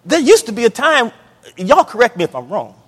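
High, lively-voiced preacher in a reverberant hall. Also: male voice, a little fast. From United States. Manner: emphatic preaching with swings between loud and hushed. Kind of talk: sermon.

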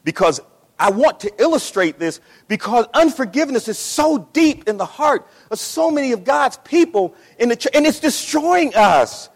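A man delivers a fervent sermon in a very high voice that swoops up and down as he drives his points home. He repeats phrases for emphasis and acts out voices from his story. His voice rings out with a long reverb in a large hall. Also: animated, moderate pace. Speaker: pastor.

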